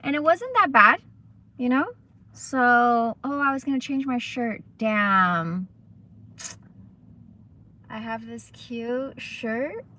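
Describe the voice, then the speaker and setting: Bright-voiced, profane woman rambling on a livestream. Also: a little high, takes it slowly, long pauses. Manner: rambling, profane, chatty storytelling. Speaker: livestream host. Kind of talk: casual chat livestream.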